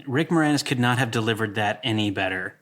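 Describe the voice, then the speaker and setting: A man's voice: fairly low pitch, a bit bright. A man co-hosting a movie podcast in casual chat, upbeat and steering the segments. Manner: upbeat, runs the segments, quick to laugh. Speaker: podcast co-host.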